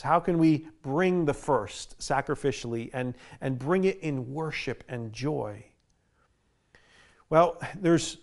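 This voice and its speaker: Guy pastor preaching, pretty high voice, earnest, keeps restarting his phrases. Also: a little mellow. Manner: earnest, repeats words when starting phrases. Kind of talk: sermon.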